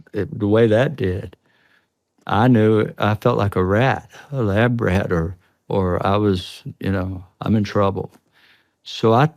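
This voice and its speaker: Low, gravelly man telling his story. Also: darkish tone, no room sound. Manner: earnest, tense storytelling, breaks off and restarts. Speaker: interview guest. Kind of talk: recounting a personal experience in a podcast interview. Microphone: studio podcast mic.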